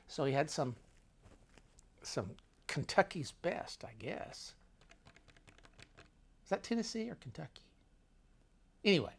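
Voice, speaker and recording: A man telling a travel story casually, wandering off into asides and restarting his sentences. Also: medium pitch. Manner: meandering, full of restarts and asides.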